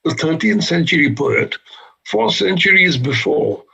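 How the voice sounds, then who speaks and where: A man from Bombay, a guest author, telling lively, humorous anecdotes in conversation. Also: on the high side, a little slow, gravelly, slightly rough. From India (Bombay). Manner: lively, humorous, vivid storyteller. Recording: dull lo-fi sound.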